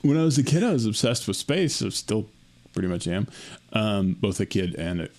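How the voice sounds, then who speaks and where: Playful, animated male podcast co-host. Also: fairly low pitch. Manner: playful, jokey, quick to laugh. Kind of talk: casual chat.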